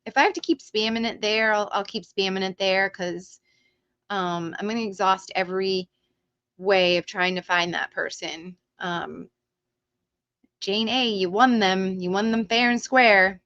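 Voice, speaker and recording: A woman hosting a live stream, chatting casually and excitedly to her chat viewers. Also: medium pitch, measured pace, no room sound, highs cut off.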